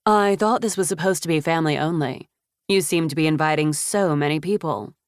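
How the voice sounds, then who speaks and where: A woman's voice: low voice, a little fast, dry recording, clean studio sound, lightly acted. A woman narrator voicing a cold, scornful wealthy mother in an audiobook, her lines cutting and contemptuous.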